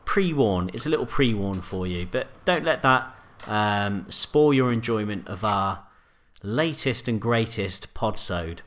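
A man co-hosting a casual podcast, speaking in a playful, drawn-out way. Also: fairly low pitch, lively intonation, a bit bright. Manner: playful, slow, drawn-out phrasing. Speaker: podcast co-host.

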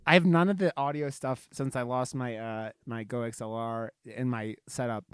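A man co-hosts a podcast in loose, rambling talk, swearing as he goes. His voice is smooth and resonant, and the sound is dry and close. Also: medium pitch, fairly even intonation, moderate pace, dry recording. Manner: rambling, swearing, self-deprecating. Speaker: podcast co-host. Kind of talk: casual chat.

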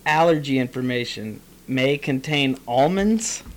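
A man's voice: mid-range voice, lively intonation, unhurried. Podcast co-host guy, dry one-liners, chatty. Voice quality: wry interjections, short quips. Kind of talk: casual chat.

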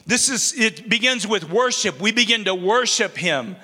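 Bright-voiced middle-aged pastor preaching. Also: male voice, high-pitched, animated, moderate pace. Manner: conversational preaching with self-deprecating humor. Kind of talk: sermon. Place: church sanctuary. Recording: long reverb of a large hall.

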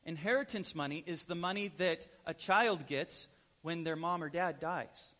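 High-voiced male preacher telling a story. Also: moderate pace, big-room sound. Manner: animated, asks the listeners questions. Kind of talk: storytelling sermon.

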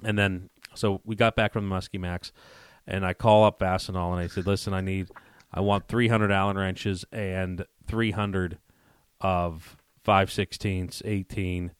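A man co-hosting a casual chat, telling a story with quick laughs and acting out both sides of a phone call. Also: low-pitched, clear, resonant tone, dry recording, studio quality. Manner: animated storyteller who acts out both sides of phone calls, laughing as he goes. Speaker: podcast co-host.

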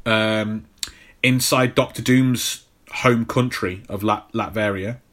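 A man's voice: lowish voice, fairly even intonation, takes it slowly, fairly bright tone. A man co-hosting a podcast, talking casually about a film with jokes and plenty of restarts. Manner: rambling, jokey, many restarts. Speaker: podcast co-host.

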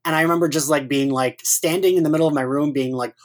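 A woman's voice: low voice, steady tone, fast, a little mellow. A woman co-hosting a podcast, giggling as she recaps scenes and steers the discussion in casual chat. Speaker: podcast co-host.

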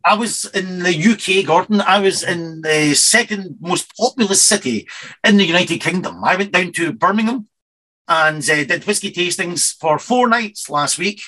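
A man's voice: high voice, lively intonation, moderate pace, pushed and bright, poor audio. A man hosting a whisky show in a casual radio chat, rambling and correcting himself as he tells stories. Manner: rambling, self-correcting storyteller.

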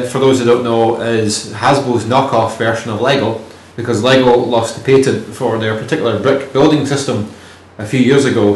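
A man co-hosting a podcast in casual chat, rambling, joking and swearing. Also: mid-range voice. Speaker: podcast co-host. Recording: roomy room with faint noise.

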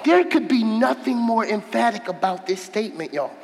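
A man preaching a sermon as pastor, emphatic, with folksy asides, swinging from shouts to low murmurs. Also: lively intonation, moderate pace, creaky, a little hiss or hum. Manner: casual, folksy asides to the congregation. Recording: long hall reverb.

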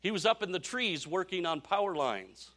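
A man preaching a sermon, telling a story in an animated way and often repeating phrases. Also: sits high, normal speed. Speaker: pastor.

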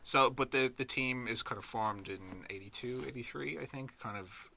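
A man's voice: medium pitch, moderate pace, gravelly, pushed and bright, a little hiss or hum. A man on a podcast describing a documentary, hesitant, with many "um"s and "kind of"s. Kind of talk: casual film review chat.

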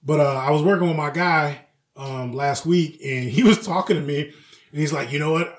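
A man co-hosting a podcast, telling animated work stories in casual, profane chat and acting out his coworkers' lines. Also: a little high, moderate pace. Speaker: podcast co-host.

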